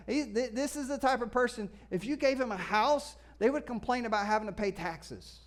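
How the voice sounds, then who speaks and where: A pastor delivers a sermon in a high, smooth, resonant voice at a moderate pace with hardly any pauses. He is animated, shouting excitedly one moment and dropping low and quiet the next.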